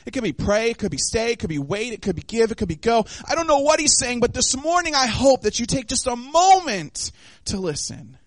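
A young adult man preaching a sermon, telling a story with lively, acted-out voices and quotes. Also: extremely high pitch, a little fast, few pauses, dry recording.

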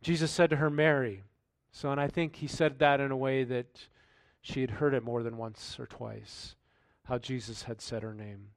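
A male pastor giving a sermon, reading scripture aloud and then commenting in a relaxed, conversational way with rhetorical questions. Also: mid-range voice, moderate pace, hardly any pauses, no echo.

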